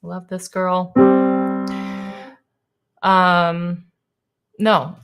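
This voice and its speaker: A woman voice coach leading a livestream singing warm-up, chatty and self-deprecating, demonstrating sung exercises on simple syllables. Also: on the low side, monotone, very slow, over loud music. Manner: chatty and self-deprecating, laughing at her own slips.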